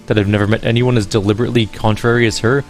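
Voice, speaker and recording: A man reading a cynical, blunt male porter in a video game, in a low, close-to-plain voice. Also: level tone, very fast, faint music behind, natural voice. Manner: blunt, dismissive.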